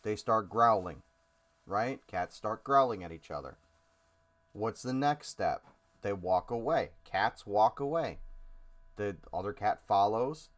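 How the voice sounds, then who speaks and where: A man's voice: fairly low pitch, animated, measured pace. Blunt, joking man in casual podcast chat. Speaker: podcast co-host.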